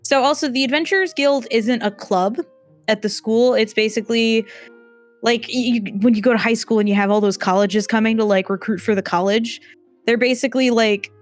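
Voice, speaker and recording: A woman's voice: on the high side, fairly even intonation, a little fast, soft background music. A woman narrating a tabletop game as game master, chatty and rambling, with many fillers.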